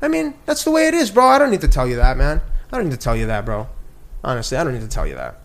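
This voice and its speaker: A man's voice: medium pitch, wildly swooping pitch, racing, creaky, a bit bright. An older man telling a heated story in casual conversation, swearing, repeating himself and acting out what others said. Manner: agitated, swearing, repeats himself, acts out quotes. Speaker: guest telling his story.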